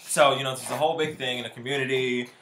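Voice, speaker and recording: A man's voice: mid-range voice, fairly even intonation, rapid-fire, fairly bright tone, echoey room, slight background noise. A man co-hosting a gossip podcast, talking in a playful, teasing way and laughing often. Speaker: podcast co-host. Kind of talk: casual gossip chat. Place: studio.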